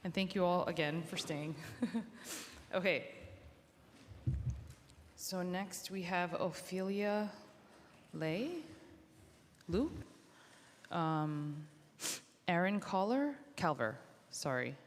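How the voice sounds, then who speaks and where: Low-voiced woman chairing a council hearing. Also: animated, slight background noise. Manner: halting, many fillers and restarts, earnest. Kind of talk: chairing a hearing, thanking witnesses. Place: city council chamber. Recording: long reverb of a large chamber.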